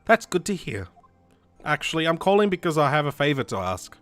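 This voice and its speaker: Man voicing a calm lawyer woman, gentle and measured, softly teasing, dry close sound. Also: a little high, no echo, faint music behind. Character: calm, composed young woman lawyer, older sister.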